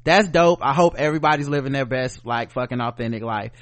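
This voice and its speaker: A man co-hosting a podcast in casual chat. He speaks bluntly, swears freely and gets animated. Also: medium pitch, fairly quick. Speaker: podcast co-host.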